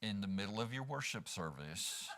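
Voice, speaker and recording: A man's voice: on the low side, animated, normal speed, a bit bright. A man preaching a sermon as pastor in a church, conversational and often asking the congregation "right?". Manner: conversational, peppered with rhetorical "right?". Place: church sanctuary.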